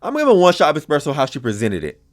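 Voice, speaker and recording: Animated, blunt male podcast host. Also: a little high, very fast. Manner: chatty, blunt and expressive, with frequent swearing. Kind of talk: casual reaction commentary.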